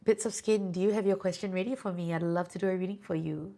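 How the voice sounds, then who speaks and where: A woman's voice: lowish voice, fairly even intonation, quick pace, creaky, warm tone. A Singaporean woman doing tarot readings on a live stream, chatty and reassuring with viewers. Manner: chatty, reassuring, sprinkles "lah". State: sleepy, yawning.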